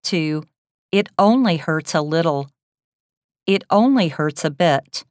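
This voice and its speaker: A woman reading English lesson headings and phrases in a measured, even way. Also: deep voice, no room sound, clean studio sound. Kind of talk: slow, clearly read language-lesson phrases.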